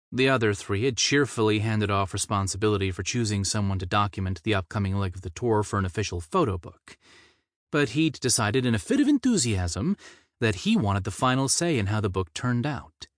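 A man with a low voice narrates a novel in steady, measured tones, reading from a script as an audiobook narrator. The recording is dry and close, and no room sound can be heard.

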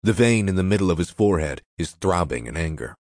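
A man with a very low voice reads an audiobook in a measured, descriptive way. The recording is dry and close, with no room sound. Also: lively intonation, darkish tone, no room sound. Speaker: narrator. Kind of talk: audiobook narration.

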